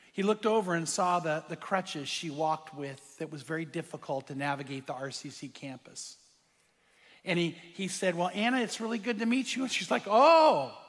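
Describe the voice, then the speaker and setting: A pastor preaches a sermon, earnestly telling a story and speaking directly to his congregation. His voice sits on the high side, fairly bright and slightly rough. A long hall reverb surrounds the recording.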